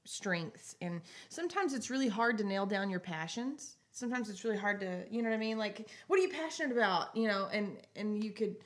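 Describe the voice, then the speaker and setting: A woman's voice: medium pitch, fairly quick, hardly any pauses. A woman co-hosting a casual morning talk show, telling stories with frequent giggles. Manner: giggly, storytelling. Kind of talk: casual chat.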